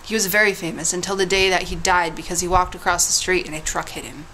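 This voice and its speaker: A woman's voice: fairly low pitch, fairly even intonation, quick pace, sharp tone, slight background noise, rough recording. A woman vlogging casually, telling a mock history tale in a playful, teasing way with big dramatic swoops.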